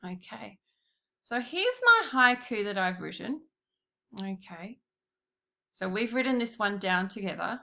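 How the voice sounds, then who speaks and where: A woman giving a slow, patient classroom lesson, talking straight to her pupils. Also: mid-range voice, big pitch swings, gravelly, pushed and bright. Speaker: primary school teacher.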